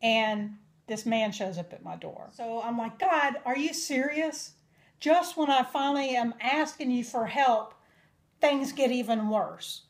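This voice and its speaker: A young woman with a drawl gives a personal testimony, telling her life story at a measured pace. Her voice is slightly high, and she speaks with earnest, emotional sincerity.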